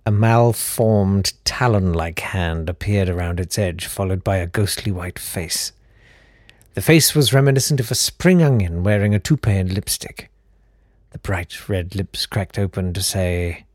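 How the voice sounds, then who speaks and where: A man with a British accent reading a comic story aloud in a deadpan, mock-grand narrating manner. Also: low voice, normal speed, no room sound, clean studio sound.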